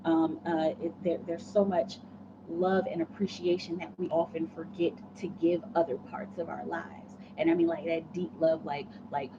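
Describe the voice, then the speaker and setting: A woman's voice: sits low, steady tone, moderate pace. A woman giving a live tarot reading in a chatty, rambling way with many fillers. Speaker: tarot reader. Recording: dull lo-fi sound with background noise.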